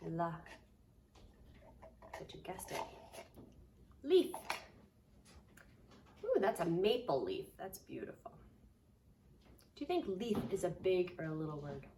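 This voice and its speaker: A woman daycare teacher leading a preschool lesson, speaking in a slow, sing-song way for small children and dropping to soft whispers for surprises. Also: lowish voice, a little hiss or hum.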